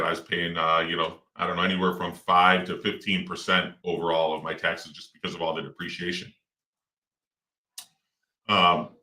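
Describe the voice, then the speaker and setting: The middle-aged guest, a real estate investor, has a low-pitched voice with a sharp tone. He rambles casually through interview talk, full of fillers and restarts, and the recording has roomy echo from a distant mic.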